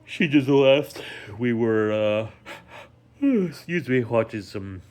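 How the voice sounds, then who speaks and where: A man talking casually in a daily vlog, rambling slowly with many ums and restarts while recovering at home and sounding tired. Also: medium pitch, expressive, a little mellow. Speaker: vlogger.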